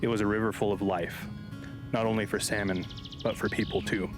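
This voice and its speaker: Man, deep voice, documentary narration, measured, guitar music behind. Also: little pitch movement. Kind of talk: scripted narration.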